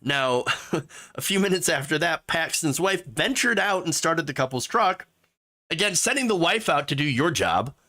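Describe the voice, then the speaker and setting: A man's voice: a little high, lively intonation, moderate pace, sharp tone. A man hosting sarcastic political commentary, mocking and mimicking the people he talks about. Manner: mocking, with exaggerated mimicking voices.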